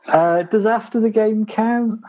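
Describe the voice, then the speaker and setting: A man's voice: high-pitched, unhurried, dark tone. A man on a football podcast who tells fan stories while laughing through them. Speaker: podcast co-host. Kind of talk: casual chat.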